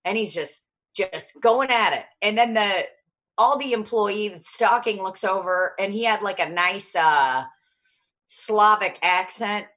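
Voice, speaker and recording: A woman hosting a podcast in casual chat, telling animated stories and swearing freely. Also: medium pitch, unhurried, muffled recording. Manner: chatty storyteller, swears freely, animated retelling. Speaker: podcast host.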